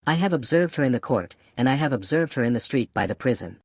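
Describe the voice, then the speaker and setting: Un hombre interpreta a una tabernera severa y vengativa, de desprecio frío e insistente, con una voz grave y seca en un audiolibro. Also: male voice, medium pitch, animated, quick pace, no echo, clean studio sound. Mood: contemptuous. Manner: contemptuous, cold and insistent. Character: Madame Defarge, stern vengeful wine-shop woman.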